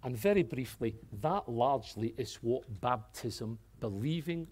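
A man preaching a sermon, swinging from hushed, earnest passages to loud exclamations, with light-hearted asides. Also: medium pitch, animated, a little slow, slightly rough. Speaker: pastor.

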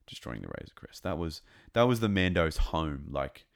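A man giving a casual, rambling and excitable review of a TV episode. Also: extremely low pitch, normal speed, creaky. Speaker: show reviewer.

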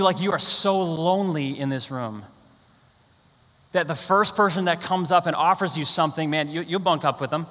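Young man, pastor, sermon, bright forceful voice, animated storytelling, long hall reverb. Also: on the high side. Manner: animated storytelling, acts out quotes.

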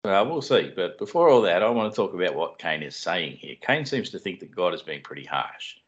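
A man who co-hosts a podcast and explains Bible passages in a measured way with dry humor. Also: deep voice, sing-song. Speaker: podcast co-host explaining scripture. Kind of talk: teaching Bible study podcast. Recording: dull lo-fi sound.

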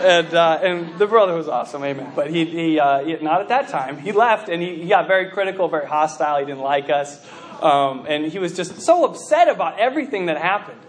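High-voiced man preaching a sermon. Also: fairly quick, crowd noise. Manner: animated storytelling with many fillers and restarts.

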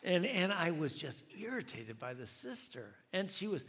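A man's voice: sits high, big pitch swings, moderate pace, a bit bright, in a large hall. An older man preaching a sermon as pastor, telling a story and acting out the dialogue with self-deprecating humor.

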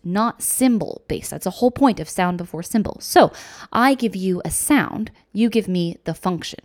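A woman hosting a music education podcast, explaining ideas clearly and step by step. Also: medium pitch, a little mellow.

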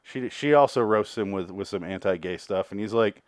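A man's voice: lowish voice, moderate pace, hardly any pauses, no room sound, studio quality. A man hosting a solo review podcast, recapping an episode in a rambling, profane, chatty way. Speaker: podcast host reviewing a TV series.

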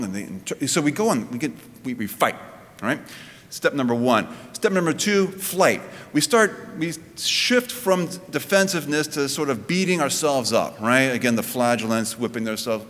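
A man preaching a sermon in a church sanctuary with a long, lingering reverb. His voice sits at an ordinary middle pitch, but he talks conversationally, climbing high for emphasis and dropping low and quiet, often restarting his phrases. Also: expressive, moderate pace. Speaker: pastor.

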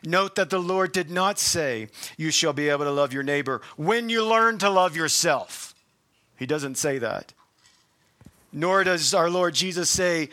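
A man preaching a sermon, emphatic, slowing to stress key phrases, with casual asides and self-corrections. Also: on the high side, bright, forceful tone. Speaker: pastor.

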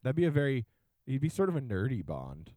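A man co-hosting a podcast in casual chat, joking and swearing freely with an animated manner. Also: mid-range voice, brisk, no echo.

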